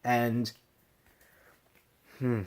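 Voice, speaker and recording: A man's voice: mid-range voice, completely flat delivery, very slow, a little mellow, clean tone. A tipsy man casually reviewing a film on his vlog, gushing and rambling with many restarts and laughs.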